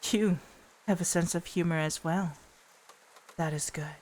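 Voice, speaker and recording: A woman's voice: lowish voice, fairly even intonation, unhurried, darkish tone, close to an everyday voice. Woman voicing a poised, mysterious witch. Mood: cool. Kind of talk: reading a visual novel aloud.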